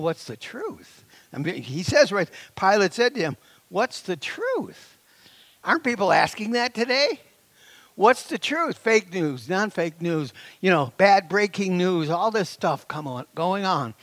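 A middle-aged man preaching a sermon as pastor, exclaiming and laughing, swinging between loud declarations and hushed asides. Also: high-pitched, expressive, unhurried, dry recording.

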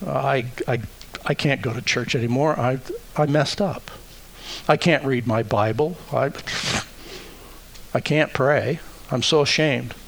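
A man voicing a defeated, self-loathing believer who speaks quietly and stammers. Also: mid-range voice, measured pace, gravelly, long pauses, rough recording. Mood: ashamed.

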